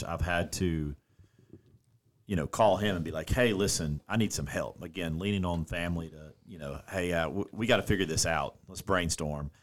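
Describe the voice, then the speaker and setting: Very deep-voiced middle-aged man. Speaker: podcast guest. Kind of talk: candid personal storytelling.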